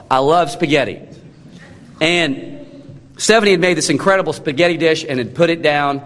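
A man in his thirties preaching a sermon, emphatic, with sudden drops to a low, slow, solemn tone. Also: a bit bright. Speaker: pastor. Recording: long reverb of a large hall.

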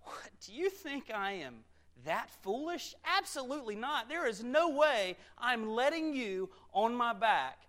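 A wary young male frog, voiced by a preacher, protests in a high, bright, indignant voice. He is stubborn and suspicious, refusing every offer with raised, tight insistence. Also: sing-song, measured pace, heavily acted.

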